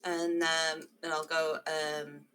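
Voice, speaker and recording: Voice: mid-range voice, flat delivery, slow, pushed and bright, clear, resonant tone. A tabletop game player hesitantly describing what their character does.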